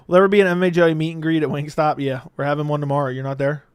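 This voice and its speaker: A man hosts a casual live MMA stream from home and teases his chat as he reads their messages. His voice sits a little high and comes across smooth and resonant. The sound is dry and close to the mic, with no room behind it. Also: level tone, rapid-fire, no room sound. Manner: joking, laughs often, playful teasing of chat. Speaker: MMA livestream host. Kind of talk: casual livestream chat reading viewer comments.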